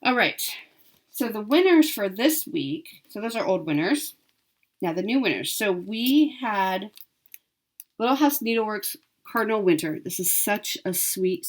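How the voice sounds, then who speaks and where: This woman's mid-range voice has lively intonation, and she takes her time. In a casual to-camera vlog, she cheerfully chats about her cross-stitch haul and giveaways, peppering her talk with ums and self-corrections.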